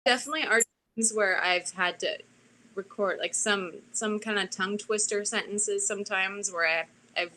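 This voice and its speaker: A woman who narrates audiobooks, chatting casually about her recording work in a relaxed, talkative way. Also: mid-range voice, normal speed, a little hiss or hum, poor audio. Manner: relaxed, chatty, with restarts and soft laughs. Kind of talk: casual conversation.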